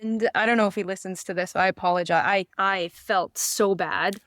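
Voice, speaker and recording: A woman from Canada co-hosting a podcast in casual chat, an animated storyteller who acts out the voices in her stories. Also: medium pitch, moderate pace, no echo. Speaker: guest co-host.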